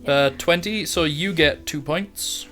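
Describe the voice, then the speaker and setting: A man running a tabletop game as dungeon master, narrating in a relaxed, chatty way with fillers. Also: fairly high pitch, slow pace, soft background music.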